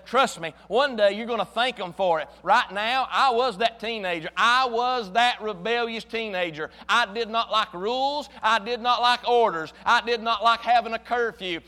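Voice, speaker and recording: A man's voice: high voice, long reverb tail. A man preaching a sermon with passion, his volume rising and falling for emphasis. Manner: passionate, emphatic preaching with wide swings in loudness. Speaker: pastor.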